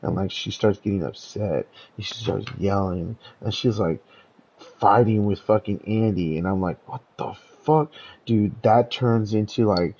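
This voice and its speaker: A man's voice: lowish voice, moderate pace, darkish tone, slightly rough, rough recording. A young man telling a story in casual chat, rambling and profane, with lots of stammered restarts. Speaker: podcast host telling a story.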